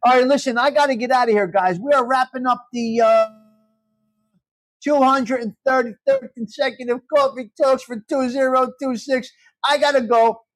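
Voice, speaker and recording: A man's voice: very high voice, steady tone, normal speed, dry recording. A man hosting a live morning chat show, talking brashly with plenty of swearing. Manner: brash, profane, bursts of laughter. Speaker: host.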